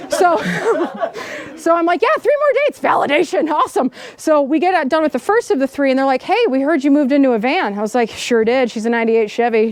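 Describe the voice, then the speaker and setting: High-voiced woman telling a lively story. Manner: animated, laughing, acts out dialogue. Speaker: keynote speaker. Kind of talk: storytelling speech. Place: outdoor camp gathering.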